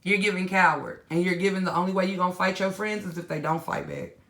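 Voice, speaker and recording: A woman's voice: on the low side, fast talker, fairly bright tone, roomy sound. A woman hosting a commentary channel, talking bluntly and in slang straight to her viewers, scolding and then winding down. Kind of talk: casual reaction commentary.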